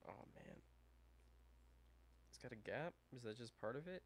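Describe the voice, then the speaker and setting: A man streaming live as he builds a model kit, talking to himself in a mumbling, self-deprecating way that trails off, on a desk mic turned down low. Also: lively intonation, unhurried, vocal fry. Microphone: desk microphone with low gain. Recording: faint hum and buzz behind.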